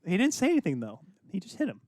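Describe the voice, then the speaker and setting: A man's voice: sits high, huge pitch swings, fast talker, a little mellow, no echo, clean studio sound. A young man co-hosting a podcast, rambling and joking between laughs. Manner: goofy, rambling, laughs a lot. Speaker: podcast co-host. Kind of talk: joking casual chat.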